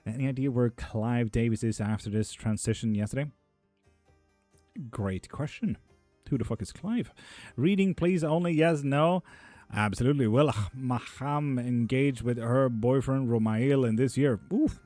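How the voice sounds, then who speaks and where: A man's voice: medium pitch, fairly even intonation, normal speed, mellow, no echo, soft background music. A young man hosting a casual live stream from home, reading chat aloud and bantering with loose, foul-mouthed humor. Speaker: streamer giving tarot readings.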